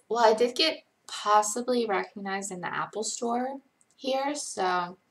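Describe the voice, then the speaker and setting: Streaming from home late at night, this young host runs a laid-back Q&A full of rambling chatter and self-deprecating jokes. She speaks at a medium pitch with a fairly bright tone.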